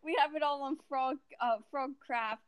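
Teen girl podcast host, rambly and giggly, kinda high voice. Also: steady tone, normal speed. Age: teens. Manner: giggly, rambling, stumbles over words. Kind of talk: casual chat.

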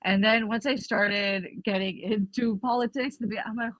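Woman guest, mid pitch, lively storyteller who acts out dialogue, dry close mic. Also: moderate pace, hardly any pauses, dry recording. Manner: animated storytelling, acting out quoted exchanges with her family and herself. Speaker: podcast guest. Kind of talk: casual podcast conversation.

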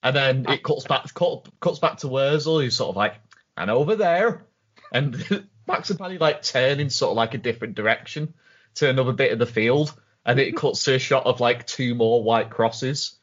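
A man co-hosting a podcast in casual chat, with a husky voice, retelling scenes with lots of hedging fillers. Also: mid-range voice, moderate pace, a bit bright, muffled recording. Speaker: podcast co-host.

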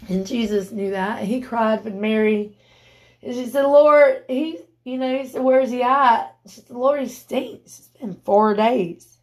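A woman preaching a sermon, telling a Bible story and building to loud, emphatic peaks. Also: on the high side.

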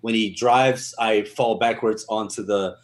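A man from Portugal with a Portuguese accent, a stunt performer guest telling animated stories in casual podcast chat, laughing often. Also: fairly low pitch, a little slow. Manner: animated storyteller, laughs often, acts out quotes.

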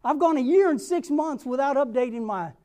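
A young man preaching a sermon, telling a personal story and acting out the dialogue with lively energy. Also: very high-pitched, a little fast. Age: young adult. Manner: repeats a rallying question.

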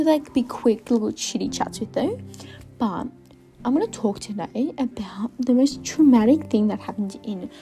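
A woman's voice: on the high side, creaky, warm tone. A young woman hosting her own podcast, telling a story in a rambling, casual way full of fillers, sometimes dropping to a whisper. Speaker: podcast host.

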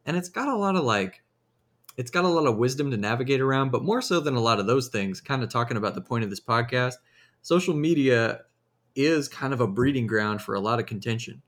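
A man's voice: mid-range voice, expressive, brisk, a bit bright. A young man with a Southern US accent hosting a podcast in casual, jokey, rambling chat. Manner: rambling, jokey, restarts sentences. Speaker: podcast host.

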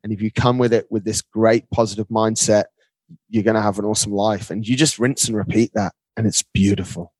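A man's voice: on the low side, steady tone, fairly quick, darkish tone, husky, no room sound. A man speaking as an interview guest, upbeat and emphatic, often calling his host mate. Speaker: guest, marathon runner. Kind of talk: casual interview talk.

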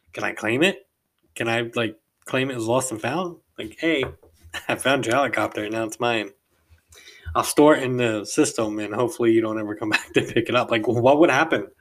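A man's voice: mid-range voice, animated, brisk. Podcast host, man, mid-range voice, rambling casual storyteller who chuckles as he goes. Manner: rambling, chuckles mid-sentence, acts out quoted people.

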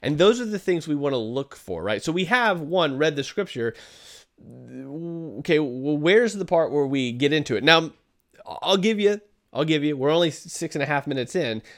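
A man's voice: a little high, expressive, moderate pace. Conversational man reviewing a sermon. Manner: conversational, critical, frequent fillers. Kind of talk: video commentary.

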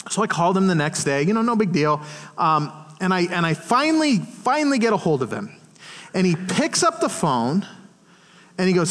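A middle-aged man preaching a sermon as pastor, telling stories in an animated way and acting out the quotes. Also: sits high, normal speed, in a large hall. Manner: animated storytelling with acted-out quotes. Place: church.

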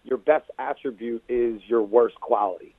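A man's voice: medium pitch, moderate pace, no room sound. Man on a tinny phone line. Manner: opinionated, folksy sayings, calls others brother. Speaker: guest. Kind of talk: casual sports talk.

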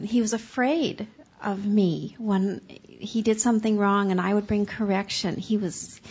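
A woman giving an earnest personal testimony at a seminar, halting and restarting as she tells her story. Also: medium pitch, husky, dull audio. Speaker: speaker's wife sharing a story.

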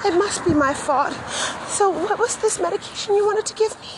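Sugary sarcastic official, mocked by a woman, very high, outdoors. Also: fairly quick, background noise. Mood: mock-sweet. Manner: mock-sweet, sarcastic.

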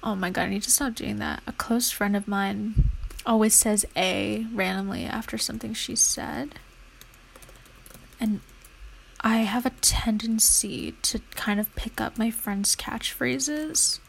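A woman's voice: mid-range voice, steady tone, unhurried, vocal fry, slightly rough, low-quality recording. A young woman vlogging casually while studying, rambling and chatty, now and then murmuring her notes half under her breath.

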